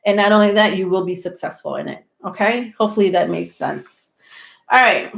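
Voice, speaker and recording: A woman's voice: mid-range voice, lively intonation, brisk, vocal fry, fairly bright tone. Woman, tarot reader on a livestream, slightly breathless, loose reassuring chat. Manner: reassuring, rambling with many ums. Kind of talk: live tarot reading, casual chat to viewers.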